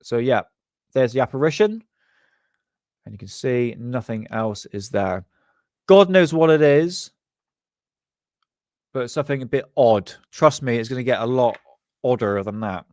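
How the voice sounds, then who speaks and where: A man's voice: mid-range voice, measured pace, long pauses, darkish tone, no echo, studio quality. A man hosting a live stream from his desk, casually chatting, joking, rambling and laughing often.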